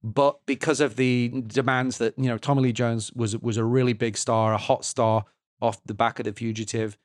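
A man's voice: medium pitch, flat delivery, normal speed, no echo. Man dissecting a film, dry close sound. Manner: analytical, many restarts and hedging fillers. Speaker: podcast co-host. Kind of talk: casual film-review chat.

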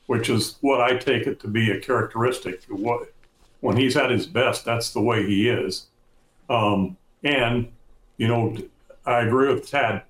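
Halting male pundit in a roomy space. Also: medium pitch. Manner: halting, many fillers. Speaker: radio show regular. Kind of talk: sports radio talk.

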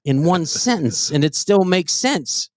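Male podcast co-host, loose joking banter, lively pitch, dry close sound. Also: measured pace, dry recording. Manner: joking, loose, swears freely. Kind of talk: casual comedy chat.

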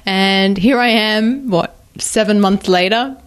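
A woman's voice: medium pitch, takes it slowly, clean tone. A woman co-hosting a podcast in an easygoing chat with a friend. She talks freely and often uses fillers as she works through her thoughts. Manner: chatty, lots of fillers. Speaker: podcast co-host. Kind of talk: casual chat.

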